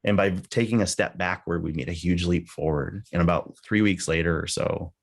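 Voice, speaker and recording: A man with a very low voice speaks at a memorial gathering, telling a personal story in tribute. His tone is candid and conversational, with the odd casual swear, and his voice carries a gravelly fry. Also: normal speed. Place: live gathering with people present.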